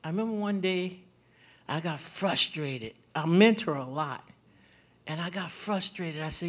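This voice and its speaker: A man speaking as a panel guest, telling animated stories about fatherhood and repeating phrases for emphasis. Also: a little high, a little slow. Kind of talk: personal storytelling in a community panel.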